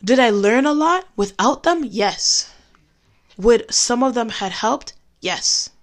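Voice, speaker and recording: A woman giving a personal Christian testimony in a candid, conversational way, slowing down to stress key phrases. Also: on the high side, animated. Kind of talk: personal faith talk.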